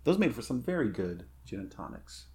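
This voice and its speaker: Rambling, animated podcast co-host man. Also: lowish voice, brisk, slight background noise. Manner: rambling, many fillers and restarts. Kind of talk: casual chat.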